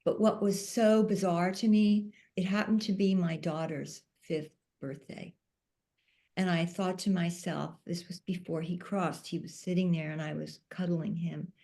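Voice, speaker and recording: Soft-spoken woman telling a story real slow, kinda emotional. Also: fairly low pitch, fairly even intonation. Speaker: panel speaker. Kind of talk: personal storytelling.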